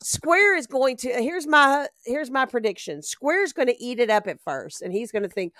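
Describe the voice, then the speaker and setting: A woman's voice: sits high, animated, normal speed, few pauses, fairly bright tone, no room sound, clean studio sound. Chatty older woman co-hosting a live show. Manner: gossipy, chatty, often breaks into laughter. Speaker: co-host. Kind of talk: casual live-stream chat.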